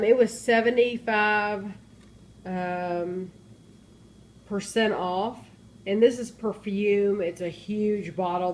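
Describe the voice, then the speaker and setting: A middle-aged woman chatting casually in a home vlog, pausing often with ums as she shows things. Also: medium pitch, a little mellow. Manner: chatty, hesitant with many ums. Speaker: vlogger. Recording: faint background noise.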